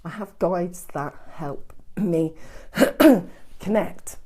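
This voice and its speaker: A psychic medium gives casual readings on a live stream, soothing and chatty as she calls listeners sweetheart and darling. Her voice is on the low side, mellow, and measured in pace.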